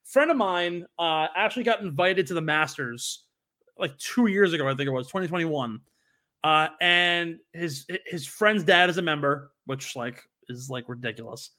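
Brief: young adult man, podcast co-host, slightly high voice, loose rambling anecdotes full of restarts. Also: lively intonation, moderate pace, bright, forceful tone. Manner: rambling storyteller with many fillers and restarts. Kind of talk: casual chat.

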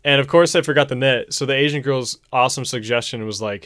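A young man hosting a casual talk show, excitedly and profanely retelling a movie plot and saying "dude" often. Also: medium pitch, quick pace, no room sound, clean studio sound. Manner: excitable, profane storytelling, says "dude" a lot. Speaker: podcast host. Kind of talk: casual movie recap chat.

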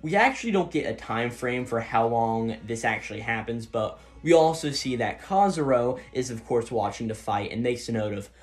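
A man's voice: mid-range voice, lively intonation, moderate pace, hardly any pauses, soft background music. A man hosting a casual recap, talking in loose, rambling sentences full of fillers and paraphrased quotes. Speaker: manga discussion host.

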